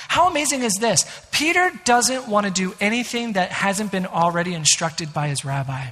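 A man's voice: high-pitched, lively intonation, normal speed, few pauses, bright, forceful tone. A man preaching a sermon as pastor, earnest and emphatic, with conversational asides. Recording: reverberant hall.

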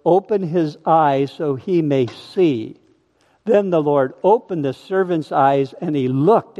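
A male pastor preaches at an unhurried, deliberate pace with a slightly raised voice. His words are emphatic. They ring out in a long hall reverb. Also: on the high side, a little mellow, highs cut off. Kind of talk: sermon.

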